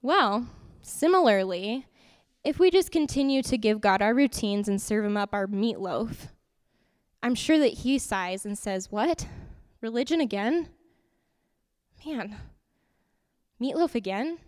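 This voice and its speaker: A woman giving an interactive youth sermon in a church hall, lively and repeating her points to keep the group's attention. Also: mid-range voice, unhurried, smooth. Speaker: youth teacher. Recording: long hall reverb.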